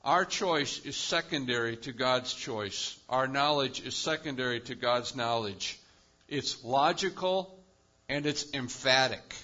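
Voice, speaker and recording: A male pastor preaching a sermon with emphatic delivery, swinging between loud, high-pitched bursts and quiet, low drops. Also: unhurried, lo-fi sound. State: lives with chronic pain.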